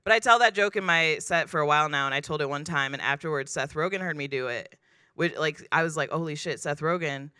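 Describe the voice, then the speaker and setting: On a club stage, a woman does a stand-up set in a deadpan, self-deprecating style, acting out the people in her stories. Her deep, smooth voice moves at a quick pace, and the studio-quality recording has no room sound.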